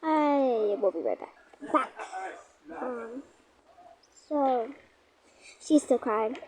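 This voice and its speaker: A woman's voice: fairly high pitch, drawn-out words, noisy background. A young girl narrating a doll role-play story, with whiny, dramatic complaining.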